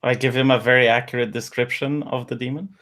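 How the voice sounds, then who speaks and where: A man at a tabletop game, chatting casually and teasing his fellow players with brash remarks. His voice sits at an everyday middle pitch. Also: fairly even intonation, quick pace, a bit bright.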